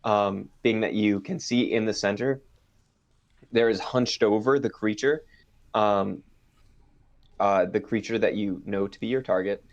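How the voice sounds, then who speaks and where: A man narrating as game master, pausing often with ums and uhs. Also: fairly low pitch, muffled recording. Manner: hesitant, full of ums and uhs. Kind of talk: narrating a tabletop game stream.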